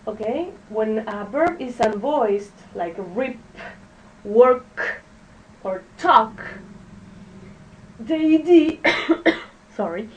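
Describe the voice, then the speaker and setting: A woman teaching an English pronunciation lesson to a classroom, speaking haltingly, drilling words and checking in with "okay?" as the class repeats after her. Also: on the high side, a little mellow. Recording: distant mic with faint background noise.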